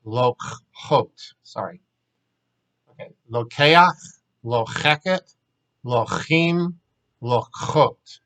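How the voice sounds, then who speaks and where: Slow, patient male Hebrew teacher. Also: mid-range voice, animated, fairly bright tone, rough recording. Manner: patient, repeats words slowly for learners. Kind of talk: language lesson with drills.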